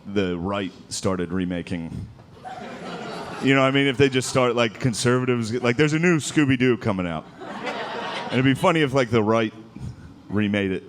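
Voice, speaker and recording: A man doing a live stand-up set, talking loosely with lots of "like" and quick impressions. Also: mid-range voice. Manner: loose, rambling delivery full of "like" and quick impressions. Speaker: stand-up comedian. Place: comedy club stage with laughing audience. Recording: live room with audible audience noise.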